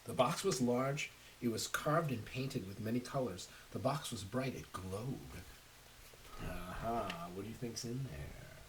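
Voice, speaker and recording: A man with a mid-range voice reads a picture book aloud to children a little slowly, animated, pausing to ask his listeners questions. The recording has faint hiss, and he's a little distant from the mic.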